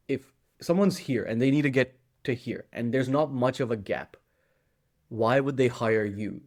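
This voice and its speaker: A young man speaks as a sales coach at a middling pitch for a man. His delivery is direct and emphatic, and he acts out sample phrases as he explains them. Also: darkish tone. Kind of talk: instructional talk to camera.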